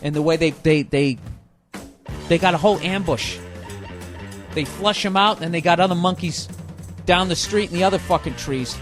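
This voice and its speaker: Casting: male comic, voice a touch high, swearing constantly, sarcastic rant with faint music underneath. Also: moderate pace, long pauses. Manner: heavily profane, sarcastic ranting. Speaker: comedian podcaster. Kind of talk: comedic rant. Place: hot indoor room.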